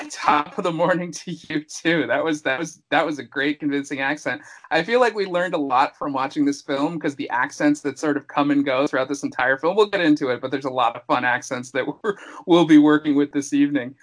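A man's voice: fairly high pitch, fairly quick, low-quality recording. A man hosting a casual horror-movie podcast, talking in a playful, showman-like way that rambles and restarts. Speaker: podcast host. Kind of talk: casual podcast chat about a horror film.

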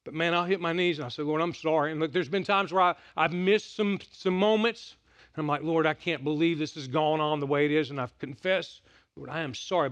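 A middle-aged pastor with a drawl preaches a sermon in a fairly high voice. He tells his stories with animated energy, going loud and excited, then dropping to a hush. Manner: animated storytelling, swinging from loud and excited to hushed and quiet.

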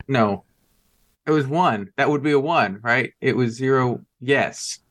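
A man's voice: medium pitch, measured pace, fairly bright tone. A man playing a tabletop horror game, talking loosely, swearing and laughing easily. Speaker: player. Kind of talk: casual tabletop game chat.

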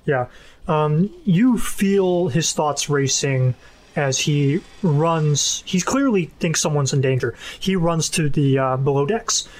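A man with a fairly high voice runs a tabletop game as game master. He narrates casually, stopping and restarting often with filler words. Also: slow pace.

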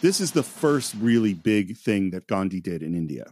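A man co-hosting a podcast in a casual film discussion, who retells scenes in an animated way. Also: lowish voice, normal speed, a little hiss or hum. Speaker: podcast co-host.

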